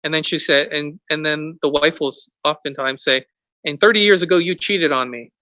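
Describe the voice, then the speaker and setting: A man's voice: a little high, normal speed, sharp tone, no room sound. A priest speaking to young people in an earnest, conversational way, often restarting his sentences. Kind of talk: youth talk sermon.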